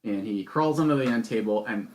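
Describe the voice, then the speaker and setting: A young man co-hosting a podcast, loud and excitable in casual chat, often laughing. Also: on the low side, brisk. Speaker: podcast co-host.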